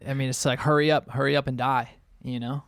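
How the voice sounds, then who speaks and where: Gravelly laid-back podcast host, man. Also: medium pitch, little pitch movement, quick pace. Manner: brief agreeing interjections, laid-back. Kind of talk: casual podcast conversation.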